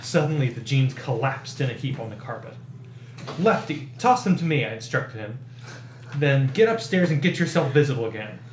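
A man, a guest on a podcast, reading a children's horror book aloud and overacting the shouted dialogue. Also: mid-range voice, fairly quick, noisy background. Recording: echoey room.

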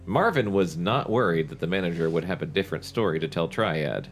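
A man's voice: deep voice, animated, fairly quick, soft background music. Wry man reading aloud. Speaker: podcast co-host and reader. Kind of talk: reading a novel aloud with commentary.

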